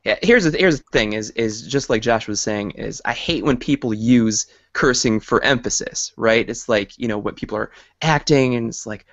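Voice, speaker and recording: A man's voice: mid-range voice, moderate pace, few pauses, no room sound. Chatty male host, dry lo-fi sound. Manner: chatty, laughs easily, filler-heavy. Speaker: podcast host. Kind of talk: casual podcast chat. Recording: dry, dull lo-fi audio.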